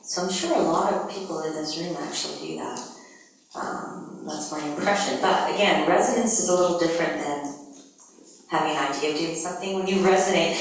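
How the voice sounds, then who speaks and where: A woman's voice: low voice, slight background noise. A woman leading a group energy workshop, explaining things to a large audience in an upbeat, conversational way. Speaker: workshop facilitator. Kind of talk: live workshop presentation. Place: large conference hall. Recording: echoey hall from far off.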